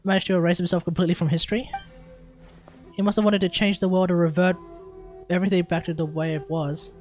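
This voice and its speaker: An Australian woman streaming a game live, chatting excitedly and talking to her viewers. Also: on the low side, fast, faint music behind. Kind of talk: live gameplay commentary.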